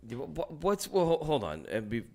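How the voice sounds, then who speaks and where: A man hosting a podcast in relaxed conversation with friends. He stumbles over repeated words, swears freely and gets animated when he gets going. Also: a little high, normal speed. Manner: stammering, profane, animated. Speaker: podcast host. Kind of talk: casual chat.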